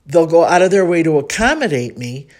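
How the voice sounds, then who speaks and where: A woman's voice: low-pitched, very animated, brisk, darkish tone. A woman from Chicago with a Chicago accent, hosting a casual podcast monologue in a rambling, reflective way with frequent ums. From United States (Chicago). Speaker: podcast host.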